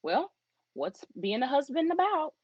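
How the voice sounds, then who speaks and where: A woman speaking at a church event about marriage communication, talking conversationally and acting out quoted spouses in lively asides. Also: high-pitched, a little slow, dry recording, lo-fi sound.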